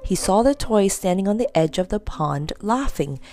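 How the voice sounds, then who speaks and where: A woman narrates a children's story with an animated, rising and falling voice. Her tone is mellow and relaxed, with faint music underneath. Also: mid-range voice, moderate pace. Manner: lively, expressive.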